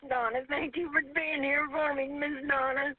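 A high-pitched woman in her forties, crying and pleading on an emergency call. Her panicked voice breaks into nervous laughter. It comes through a thin, tinny phone line. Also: fairly even intonation, moderate pace. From Arkansas, USA. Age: 40s.

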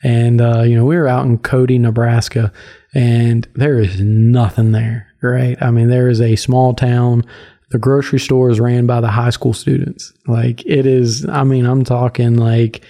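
A man's voice: medium pitch, level tone, measured pace, creaky, warm tone. A man hosting a podcast, telling hunting stories in a rambling, laughing way, full of "like" and "right?". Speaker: podcast host. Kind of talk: casual storytelling chat.

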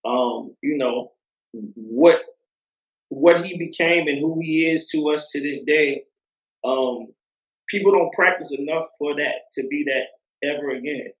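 A man's voice: fairly high pitch, a little slow, roomy sound, poor audio. A man talking as a music producer guest in a casual interview, rambling with lots of fillers and restarts.

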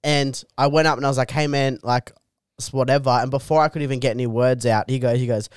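A man's voice: medium pitch, steady tone, fast, smooth. A male comedian on a casual podcast, telling crude, self-deprecating stories. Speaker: stand-up comedian guest.

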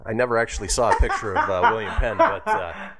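A man's voice: mid-range voice, fast talker, vocal fry, over a noisy crowd. A male radio host in casual banter, reading a history segment with joking asides. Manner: lively, reads history segment with quips.

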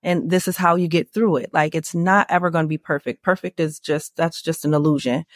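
A woman guest on a podcast, telling her story in candid conversation and acting out quoted lines in a higher voice. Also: a little fast, no room sound, studio quality. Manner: animated, acts out quoted dialogue in a higher voice.

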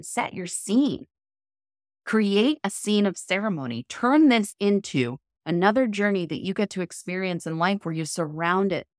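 Woman, podcast guest, lowish voice, dry sound, calm instructive coaching. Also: no room sound. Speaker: guest, cold immersion method founder.

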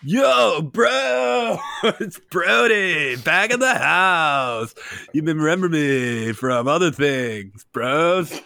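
A man voicing a loud party-bro teenage boy who shouts and leans on bro slang, in a comedic tabletop game. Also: on the high side, animated, drawn-out words, gravelly, no echo, voice pushed up, full character voice. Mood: rowdy.

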